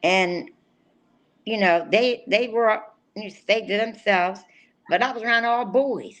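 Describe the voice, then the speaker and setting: An older woman from North Carolina co-hosting a podcast, chatting casually in a rambling, excitable way with frequent restarts. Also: mid-range voice, measured pace, dull audio. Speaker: podcast co-host. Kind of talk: casual chat.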